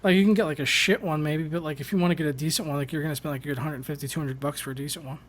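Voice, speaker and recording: Fast-talking American man, high-ish voice. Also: steady tone, a little hiss or hum. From United States. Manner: quick, filler-heavy, swearing. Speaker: host. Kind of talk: casual stream chat.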